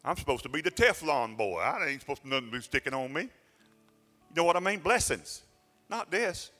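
A male pastor spins a folksy, self-mocking story from the pulpit. His voice is bright and forward, and it rings with long reverb through a church sanctuary while faint music plays under him. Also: on the high side, moderate pace. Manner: folksy, self-mocking, animated retelling with dialect grammar. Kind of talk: storytelling sermon.

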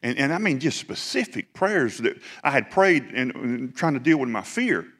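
A man from South Georgia with a Southern US accent, preaching a lively testimony sermon with animated storytelling. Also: medium pitch, normal speed. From South Georgia, USA. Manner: animated storytelling, building to fervent praise. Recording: reverberant hall.

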